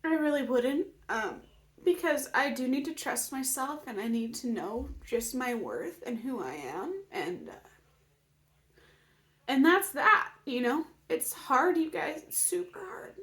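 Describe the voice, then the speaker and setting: A woman's voice: high voice, big pitch swings, measured pace, fairly bright tone. A woman vlogging casually about her healing, emotional and open, with many fillers and moments where she drops to a whisper. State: emotional, near tears. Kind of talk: casual personal vlog.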